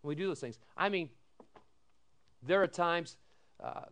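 High-voiced man preaching a folksy sermon. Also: a little slow, vocal fry, smooth. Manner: folksy storytelling, animated quoted voices, asks "amen?". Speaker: pastor.

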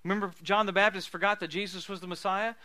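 A male preacher delivering a sermon full of healing stories, telling them with laughter and sudden loud bursts of emphasis. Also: high voice, fairly even intonation, fast talker, no room sound.

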